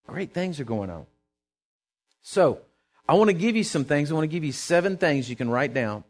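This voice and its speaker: Folksy preacher, higher-pitched man. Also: very animated, normal speed, faint music behind. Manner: folksy, storytelling, earnest and emphatic. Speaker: pastor. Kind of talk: sermon.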